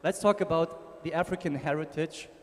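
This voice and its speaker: A man's voice: fairly high pitch, moderate pace. German-accented man giving a conference talk. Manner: casual, joking with the audience and slide helper. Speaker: conference speaker. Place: conference ballroom. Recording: long hall reverb.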